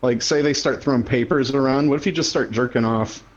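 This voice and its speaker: A man's voice: medium pitch, fairly quick, dull audio, a little hiss or hum. A man co-hosting a podcast, making dry offhand jokes in casual chat.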